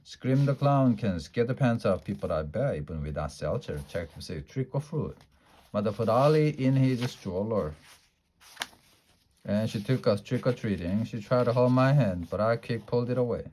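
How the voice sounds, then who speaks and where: A man reading a children's storybook aloud in a lively, playful way. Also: on the low side, moderate pace. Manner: lively, playful character voices in a child's first-person story. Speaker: storybook reader.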